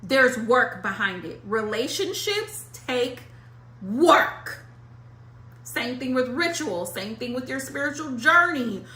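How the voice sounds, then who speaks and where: A woman talks straight to her viewers about tarot with blunt, emphatic repetition, slang and the odd curse word. Her voice sits high and bright. The room gives it a noticeable echo. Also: sing-song, measured pace, few pauses. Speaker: tarot reader. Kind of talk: casual monologue to viewers.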